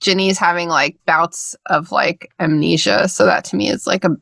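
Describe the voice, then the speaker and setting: Blunt, bright-voiced woman podcaster. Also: fairly low pitch, normal speed, gravelly, dry recording. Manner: blunt, swears freely, animated. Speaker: podcast co-host. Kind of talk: casual podcast chat.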